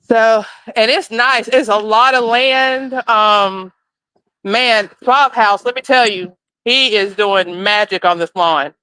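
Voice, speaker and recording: Woman, out of breath, high, bright, smooth voice, chatty, phone outdoors. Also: fairly even intonation, takes it slowly, dry recording, low-quality recording. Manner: chatty, apologetic, laughing. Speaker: volunteer calling in to a live panel. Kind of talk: off-the-cuff live update. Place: outdoors at a school grounds in summer heat.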